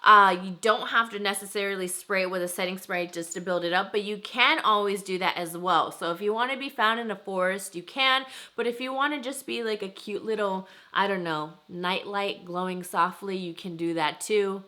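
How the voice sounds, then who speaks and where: A young woman talks through her favorite makeup in a bright, clear voice. She is chatty and enthusiastic, peppering her talk with "like" and casual emphasis. Her pitch sits mid-range for a woman. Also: moderate pace, hardly any pauses. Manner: chatty and enthusiastic, lots of "like" and "freaking". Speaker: beauty vlogger. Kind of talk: casual product review to camera.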